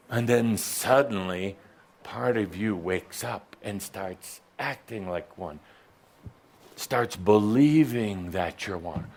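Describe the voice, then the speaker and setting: A man's voice: low voice, lively intonation, slow pace, gravelly, a little hiss or hum. A man giving a playful, theatrical spiritual talk to a live audience, joking and full of asides.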